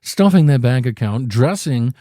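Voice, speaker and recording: An American man in his fifties voicing a smug, well-paid worker who loves his career, in a lower, sulky mocking tone. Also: animated, moderate pace, warm tone, no echo, clean studio sound, close to an everyday voice.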